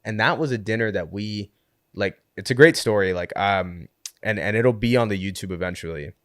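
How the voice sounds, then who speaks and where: With a lowish voice and a slightly quick pace, this podcast guest, a community co-founder, spins a story in relaxed conversation. Studio-quality sound with no room tone captures his animated delivery, heavy "like" use, and acted-out quotes.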